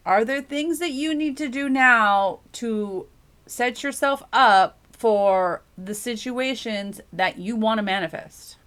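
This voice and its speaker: A woman gives a casual tarot reading, giggling often and rambling as she muses aloud. Her voice is a little high, slow, a bit bright and smooth.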